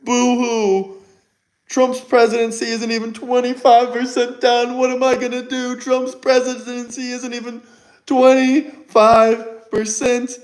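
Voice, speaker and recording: A whiny male critic blubbers and wails in a high, strained voice, as a man mocks him. He sounds put-upon and tearful, with a sobbing pitch well above an ordinary speaking voice. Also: monotone, unhurried, rough recording.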